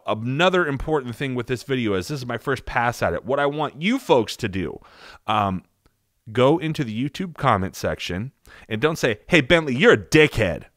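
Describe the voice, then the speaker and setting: A man's voice: medium pitch, fairly bright tone, dry recording, studio quality. Jokey, rambling man hosting a tutorial. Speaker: tutorial host, sound designer. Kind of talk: casual tutorial talk.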